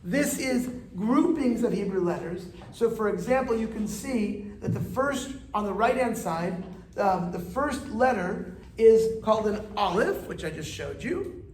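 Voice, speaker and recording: A man's voice: high voice, lively intonation, a little slow. A man, a rabbi, teaching a live classroom lesson in a chatty, playful way and coaxing his students to answer. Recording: echoey room with faint ambient noise.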